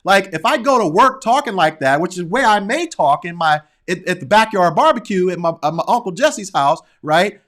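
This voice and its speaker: A man with a somewhat high voice talks through a sensitive topic in casual conversation. He speaks earnestly but haltingly and keeps restarting his sentences as he works out his point. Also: expressive, fairly bright tone. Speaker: discussion guest.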